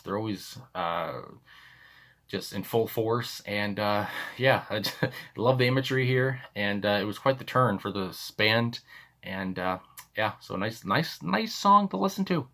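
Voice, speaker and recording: This music reaction video host, a Canadian-accented man, speaks in a lowish, slightly bright voice. His commentary is loose and meandering, full of filler words and little chuckles.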